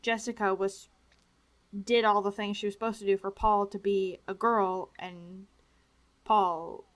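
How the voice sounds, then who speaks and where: A woman's voice: mid-range voice, level tone, a little slow. Woman cohost on a film podcast, casual, laughs at herself, asks lots of questions. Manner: self-deprecating, jokey, asks questions. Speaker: podcast co-host. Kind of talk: casual movie-review chat.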